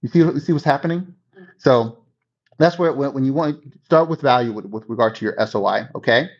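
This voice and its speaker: A man talks through real estate coaching in a loose, conversational way, checking in with his listeners as he goes. His voice sits at a middling pitch. The recording is dull and lo-fi. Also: fairly quick. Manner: conversational, checks in with 'okay?' and 'right?'. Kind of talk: coaching talk.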